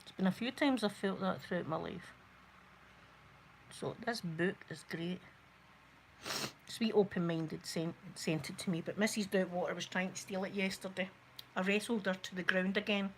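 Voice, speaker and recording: A Scottish woman hosting a soft-spoken ASMR makeup video, chatting to viewers and rambling through stories, sometimes dropping to a near-whisper. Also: medium pitch, fairly even intonation, moderate pace, long pauses, slight background noise, poor audio. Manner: chatty, rambling storyteller who talks to viewers. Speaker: ASMR channel host.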